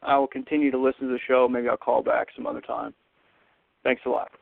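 Frustrated Texan caller on a phone line. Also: male voice, medium pitch, level tone, a little fast, vocal fry, very noisy. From Texas, USA. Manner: frustrated, sighing, griping. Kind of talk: voicemail rant.

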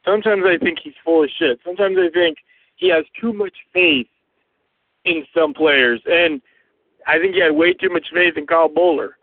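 A man's voice: a little high, moderate pace, dry recording. A man calling in to a fan show, complaining heatedly and sarcastically with plenty of swearing. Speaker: caller. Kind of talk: angry voicemail rant. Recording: dry, tinny phone line.

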